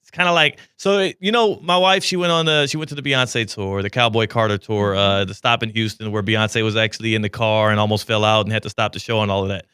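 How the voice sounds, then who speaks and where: A man's voice: on the low side, fairly even intonation, fairly quick, few pauses, bright, forceful tone, clear, resonant tone, no room sound. A man hosting a sports radio show, chatting and bantering casually with his co-hosts in a studio.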